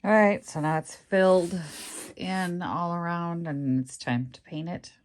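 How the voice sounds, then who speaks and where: A woman's voice: fairly low pitch, fairly even intonation, measured pace. A middle-aged woman in a casual workshop vlog, talking to the camera as she works on a piece of furniture in a room at home. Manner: chatty, talks to camera while working, mutters when frustrated. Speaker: furniture flipper vlogger. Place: home workroom indoors.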